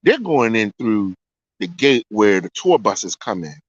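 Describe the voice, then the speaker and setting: A man's voice: lowish voice, big pitch swings, measured pace, no echo. A man telling a story in a casual way, often repeating lines for effect. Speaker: storyteller host. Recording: dry, dull lo-fi sound.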